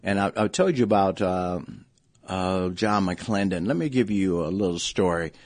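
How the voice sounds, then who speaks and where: A man's voice: sits low, normal speed, no echo. A man in his seventies, a former coach, telling long rambling anecdotes in a casual interview. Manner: rambling anecdotes, frequent restarts and "you know". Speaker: former basketball coach, guest.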